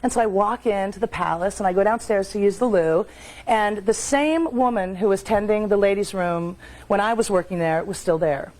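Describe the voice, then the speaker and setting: A woman guest on a talk show, telling stories in animated, casual chat. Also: mid-range voice, moderate pace, poor audio. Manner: animated storyteller.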